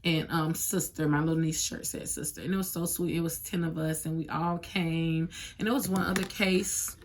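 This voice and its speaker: A woman in her thirties tells a personal story straight into her phone at home, rambling and full of fillers, her feelings close to the surface. Her voice sits low and has a gravelly edge. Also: steady tone, normal speed. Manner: casual, emotional storytelling with many fillers. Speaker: vlogger.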